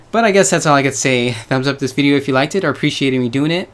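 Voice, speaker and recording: A young man speaks casually to his viewers in a rambling vlog monologue. He hedges often and drops in loose slang. His voice sits at a middling pitch. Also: normal speed, a bit bright. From United States. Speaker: vlogger.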